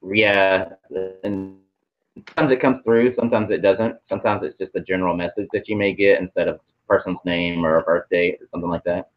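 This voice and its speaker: Low-voiced man channeling blunt messages. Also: fairly even intonation, a little fast, muffled recording, faint music behind. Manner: relays spirit messages with blunt swearing, hesitant fillers. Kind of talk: live channeling Q&A.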